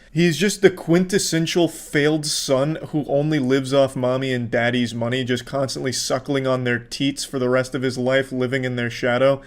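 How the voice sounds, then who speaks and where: A man hosting a casual video commentary, sarcastic and profane. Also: mid-range voice. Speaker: commentary host.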